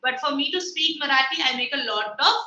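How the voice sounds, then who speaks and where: A woman's voice: sits high, expressive, brisk, bright, forceful tone, lo-fi sound. A woman teaching an English literature class, explaining words with everyday examples in a chatty way. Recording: echoey room with faint noise.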